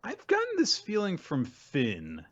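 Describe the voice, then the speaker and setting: An upbeat podcast co-host, quick to laugh, who gushes about a chapter. The voice swings very widely in pitch, especially when quoting characters. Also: wildly swooping pitch, dull audio. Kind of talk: casual chat.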